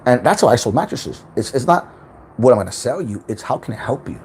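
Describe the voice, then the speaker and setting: A man's voice: mid-range voice, very animated, brisk, darkish tone, slight background noise. A man hosting a casual spiritual self-help livestream from home, rambling, repeating words and swearing freely.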